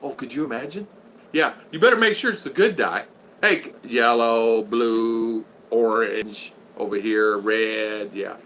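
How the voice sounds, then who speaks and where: This livestream host speaks unhurriedly in a medium-pitched, fairly bright voice, with slight background noise. He reads out viewer comments and wanders through jokey stories, laughing frequently and voicing the people he quotes.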